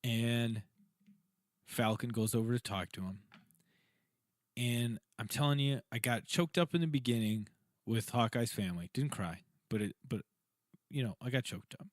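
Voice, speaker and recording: A man co-hosting a podcast, chatting casually and telling stories in a rambling, animated way. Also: medium pitch, normal speed, long pauses, dry recording, clean studio sound. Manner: rambling, animated storyteller, self-described comic nerd. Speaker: podcast co-host. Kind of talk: casual chat.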